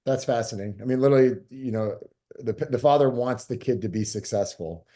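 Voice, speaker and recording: A man's voice: mid-range voice, warm tone. A man hosting a podcast, asking long, enthusiastic questions of his guest. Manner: enthusiastic, fast-talking, rambling questions. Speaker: podcast host. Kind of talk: interview questions.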